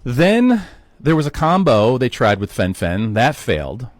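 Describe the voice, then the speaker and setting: A man's voice: mid-range voice, very animated, measured pace, dry recording. A man in his fifties giving a casual solo talk, walking viewers through a history with chatty, rhetorical asides. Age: 50s. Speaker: health talk host. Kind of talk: solo educational monologue.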